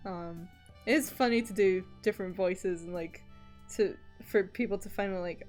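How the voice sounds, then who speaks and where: A young woman chats casually on a drawing stream, rambling through her thoughts with plenty of ums and likes. She laughs often and swears without a second thought, her voice sitting at an ordinary middle pitch. Faint music plays quietly behind her. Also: slow, pauses often.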